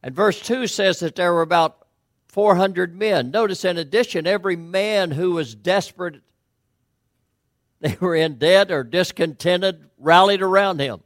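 A man's voice: sits high, a little slow, dry recording, clean studio sound. A man preaching a conversational sermon, talking with frequent restarts and rhetorical questions. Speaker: pastor.

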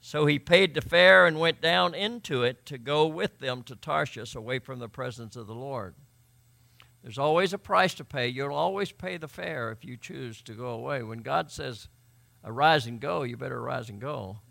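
A man preaching a sermon as pastor, building to emphatic, forceful peaks. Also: medium pitch, normal speed, vocal fry.

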